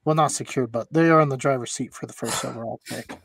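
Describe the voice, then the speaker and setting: A man's voice: medium pitch, fast talker, gravelly, fairly bright tone, no room sound. A man hosting a casual sports podcast, easygoing and chatty, steering the talk with questions. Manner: easygoing, chatty, laughs often. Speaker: podcast host.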